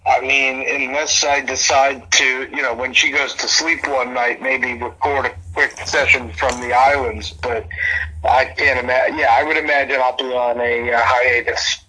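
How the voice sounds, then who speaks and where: A man's voice: mid-range voice, fairly even intonation, moderate pace, sharp tone, slight background noise, rough recording. A young man, a podcast host, chatting casually in an easygoing, laid-back way.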